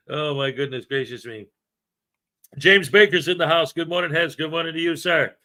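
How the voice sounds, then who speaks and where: A man's voice: fairly high pitch, bright, forceful tone. A man hosting a casual livestream, chatting loosely, telling jokes and greeting viewers by name. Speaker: livestream host. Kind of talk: casual live-stream chat.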